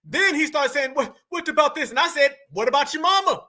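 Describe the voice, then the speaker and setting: In a very high, expressive voice, an American man hosting a livestream taunts a guest in a heated argument. He mocks loudly and hurls rapid insults.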